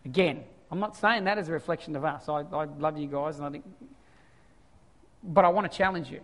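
A male pastor preaching a sermon, swinging from quiet scripture reading to loud animated asides. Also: fairly high pitch, brisk, big-room sound.

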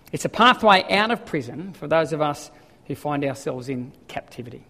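A man preaching a sermon in an animated way, firing off rhetorical questions and building to loud emphasis. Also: on the high side. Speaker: pastor. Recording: long hall reverb.

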